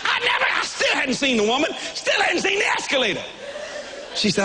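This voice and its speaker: A man preaching a sermon, telling a comic story in a folksy, animated way, often shouting and laughing. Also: very high-pitched, fairly quick, background noise. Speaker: pastor.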